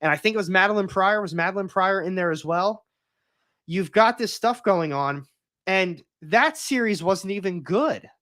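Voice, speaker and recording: Young male livestream host, slightly high-pitched, rambling and opinionated, casual. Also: moderate pace, fairly bright tone. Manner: rambling, opinionated, with frequent restarts. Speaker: comics YouTuber hosting a livestream.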